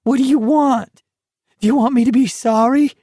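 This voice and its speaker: A man's voice: steady tone, normal speed, warm tone, no echo, studio quality. A man voicing a panicking teenage boy who whines and cracks into hysteria in an audiobook. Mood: pleading whine. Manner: high-pitched whining, voice cracking into hysteria. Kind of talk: audiobook character voice.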